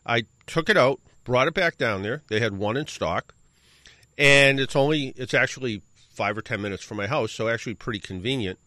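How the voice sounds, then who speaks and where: A man's voice: mid-range voice, normal speed, sharp tone, no room sound, clean studio sound. A middle-aged man hosting a radio show, telling a rambling anecdote in a casual way, correcting himself and adding wry asides. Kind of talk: casual storytelling.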